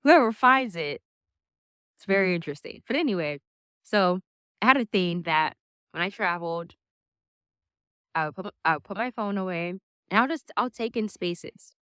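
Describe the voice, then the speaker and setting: A woman's voice: on the low side, expressive, normal speed, pauses often, fairly bright tone, clean tone, dry recording, clean studio sound. A young woman talking casually to a camera on a stand, chatty, laughing often and restarting her sentences. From United States. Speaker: vlogger.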